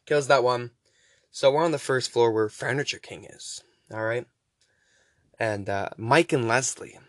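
A young man hosting a podcast, casually rambling through a movie recap with profanity and quick voice impressions. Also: medium pitch. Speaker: podcast host.

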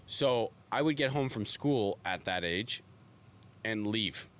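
A man's voice: on the low side, takes it slowly, slight background noise. Young Canadian man telling stories. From Toronto area, Canada. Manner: rambling storyteller, casual swearing, flat denials. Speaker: podcast co-host. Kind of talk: casual podcast chat.

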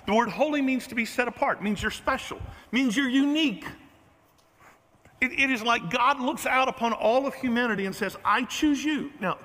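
With an extremely high-pitched voice at a moderate pace, a pastor delivers an animated sermon in a church sanctuary, cracking jokes at his own expense while addressing the congregation. A long reverb tail trails his words.

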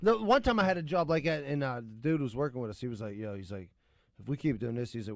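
A man in his thirties telling an animated, profane story in casual chat. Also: mid-range voice, fast talker, vocal fry, no echo.

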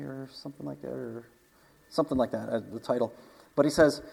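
A man's voice: a little high, gravelly, poor audio. A man preaching in a casual storytelling manner, chatty, with frequent asides, restarts and laughs.

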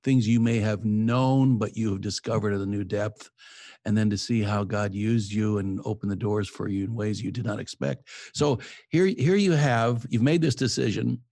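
A man's voice: on the low side, normal speed, mellow, dry recording. A man hosting an interview, speaking in an affirming, reflective way to his guest. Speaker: podcast host. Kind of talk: interview conversation. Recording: dry close sound.

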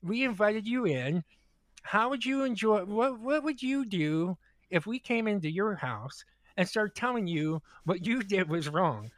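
A man's voice: high-pitched, animated, a little slow, a bit bright, dry recording. A man co-hosting a comedy podcast, telling a long, profane story in a rambling way. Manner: rambling, profane, repeats words. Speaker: podcast co-host.

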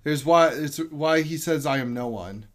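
This podcast host, a man with a slightly high voice and moderate pace, keeps things casual while fumbling names as he reads off film credits.

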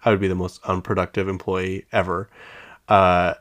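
Deep-voiced man rambling on his podcast. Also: little pitch movement, moderate pace, a bit bright. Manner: rambling, drifts off topic with many fillers; chatty storyteller who laughs often. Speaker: podcast host. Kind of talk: casual solo podcast chat. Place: his home podcast room.

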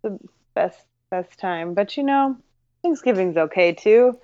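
A woman's voice: mid-range voice, animated, a little slow, mellow, lo-fi sound. A young woman co-hosting a podcast in casual banter, sarcastic and laughing often. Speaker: podcast co-host.

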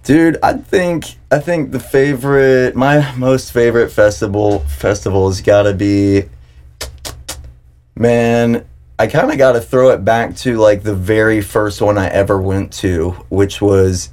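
Young male podcast host, low mellow voice, loose and rambling. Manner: laid-back, rambling, heavy on "dude" and "like". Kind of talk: casual chat.

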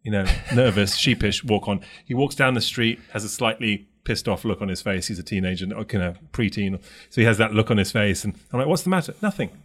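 A co-host from London, England, chats casually in a London accent, his voice lowish and a little fast. He tells stories animatedly and acts out the voices of the people he quotes.

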